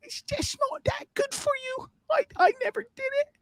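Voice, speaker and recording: A man's voice: extremely high pitch, moderate pace, a bit bright, dry recording, voice pushed up. A man voicing his disapproving older mother in a fretful, pleading tone. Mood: whiny. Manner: whiny, pleading.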